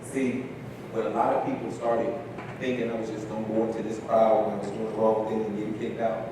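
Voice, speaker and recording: A man's voice: on the low side, fairly quick. Man giving a keynote in an echoey hall. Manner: animated, repeats key phrases for emphasis. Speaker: conference keynote speaker. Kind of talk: inspirational storytelling speech. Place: large conference hall. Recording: echoey hall from far off, noisy.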